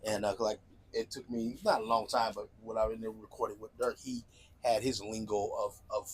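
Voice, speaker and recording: A man's voice: on the low side, little pitch movement, brisk, slight background noise. A man, a music veteran, sharing studio experience in casual podcast chat, laid-back and full of fillers.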